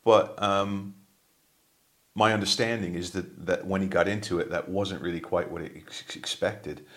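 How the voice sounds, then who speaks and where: A man's voice: low-pitched, fairly even intonation, moderate pace, fairly bright tone. A man, a musician, telling rambling anecdotes in casual chat, with plenty of ums. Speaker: musician guest.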